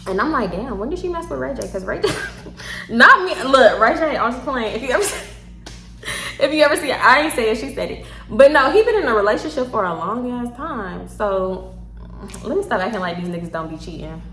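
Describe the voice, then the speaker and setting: A woman with a Houston accent telling a story casually to her viewers, animated, slangy and quick to laugh. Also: on the high side. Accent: Southern US, Houston. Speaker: storytime vlogger. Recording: echoey room.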